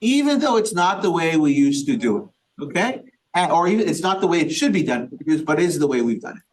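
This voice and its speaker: Rabbi guy teaching a torah class, pretty high voice, keeps firing questions at the group. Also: quick pace. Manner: lively, quizzes the group with questions, sprinkles Yiddish and Hebrew terms. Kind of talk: interactive Torah study lecture. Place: synagogue study session with a small group.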